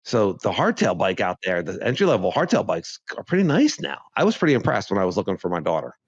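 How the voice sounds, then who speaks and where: Male co-host, lively and chatty, dry lo-fi mic sound. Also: lowish voice, fast talker, slightly rough, no room sound. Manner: animated, laughs often, repeats himself. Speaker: podcast co-host. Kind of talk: casual chat.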